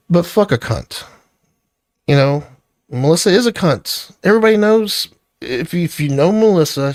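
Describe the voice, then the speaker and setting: A man's voice: medium pitch, dry recording, clean studio sound. A middle-aged man venting in a blunt, profane, irritated personal vlog rant. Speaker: vlogger.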